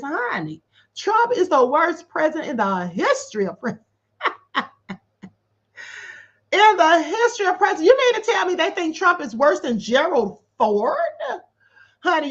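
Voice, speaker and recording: Woman streamer, high, lively voice, sassy commentary, dull lo-fi audio. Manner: sassy, animated, calls viewers honey; reads out viewer comments. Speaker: livestream commentary host. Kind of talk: casual commentary livestream.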